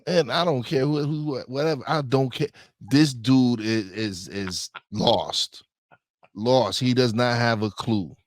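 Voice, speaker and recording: A man's voice: medium pitch, slow pace, no echo, studio quality. A man co-hosting a podcast in casual chat, talking bluntly and emphatically in slang and often repeating himself. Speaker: podcast co-host.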